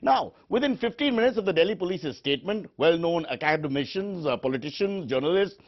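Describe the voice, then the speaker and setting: A man playing a pompous, self-important anchor in a parody of a shouting TV debate show. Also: fairly high pitch, lively intonation, brisk, highs cut off. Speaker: satirical news anchor.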